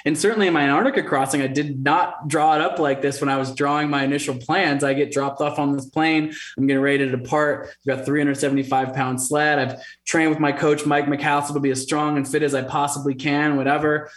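A man in his thirties, an interview guest telling his story in an animated way, acting out the voices of others. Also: on the high side, a little fast, hardly any pauses. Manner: animated, acts out quoted voices. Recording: roomy echo.

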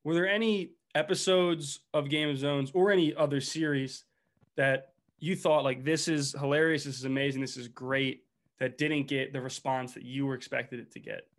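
A man interviewing a guest in a relaxed, friendly way, asking questions and playing along. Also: medium pitch, moderate pace. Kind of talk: casual interview talk.

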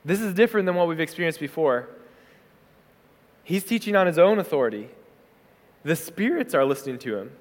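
A man preaching a sermon as pastor, conversational and animated, slipping into quick acted asides. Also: on the high side. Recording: hall reverb.

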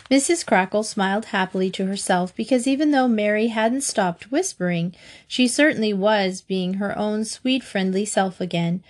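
A woman narrating a children's storybook in a steady, gentle storytelling manner. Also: mid-range voice.

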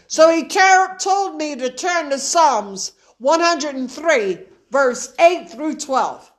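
Middle-aged female preacher, high-pitched, deliberate fervent sermon delivery. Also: expressive. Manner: emotional, fervent preaching with call-and-response.

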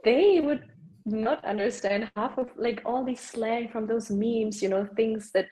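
A woman's voice: fairly high pitch, a little slow, mellow, poor audio. A young woman, chatting casually as a podcast guest and dropping "like" often. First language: German. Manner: chatty, peppers speech with "like". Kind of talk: casual chat.

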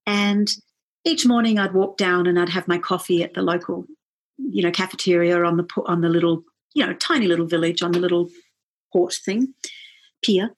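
A woman musician telling a travel story in casual chat, animated, acting out the people she quotes. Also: moderate pace, slightly rough. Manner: animated, acts out quoted voices with big pitch jumps. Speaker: musician and podcast guest.

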